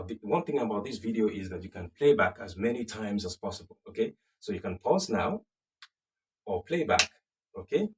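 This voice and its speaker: A man teaching a recorded beginner French lesson, patiently repeating phrases slowly and checking in with the viewer. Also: lowish voice, far from the mic.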